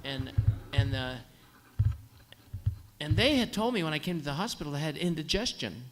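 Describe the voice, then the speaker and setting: This is comic storytelling at a live concert: a male singer on stage recounts a dry, humorous tale and voices the nurses and doctors himself. His pitch is fairly high and his delivery expressive at normal speed, against a noisy background.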